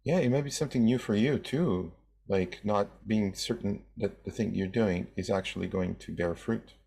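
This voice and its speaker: Guy playing a touchy brother in an improv bit, kinda husky low voice, rambles with "like" everywhere. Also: normal speed, mellow. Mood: prickly. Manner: rambling, full of "like" fillers. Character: prickly, touchy brother, man, adult. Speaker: improv performer. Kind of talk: improv comedy scene.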